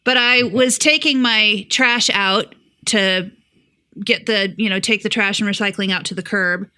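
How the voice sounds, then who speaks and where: Woman podcast co-host, bright and dry close-mic sound, swearing, exasperated storytelling. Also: medium pitch, measured pace, clean tone, no room sound. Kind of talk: casual comedic storytelling.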